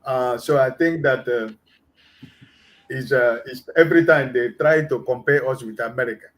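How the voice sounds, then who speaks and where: A man on an online panel discussion, explaining calmly with frequent filler sounds. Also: medium pitch, normal speed, low-quality recording.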